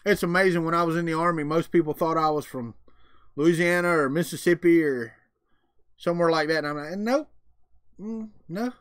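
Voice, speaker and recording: Speaking a little fast with a steady tone, this Southern-accented livestream host has a slightly high voice that's fairly bright, clear and resonant. He jokes and drawls folksily through casual chat with live viewers, recorded in clean studio sound with no room sound.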